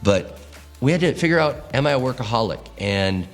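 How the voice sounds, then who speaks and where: A man with a medium-pitched voice, speaking a little fast over soft background music, is a pastor delivering a teaching talk to church leaders. He tells stories with animated expression, acting out quoted lines.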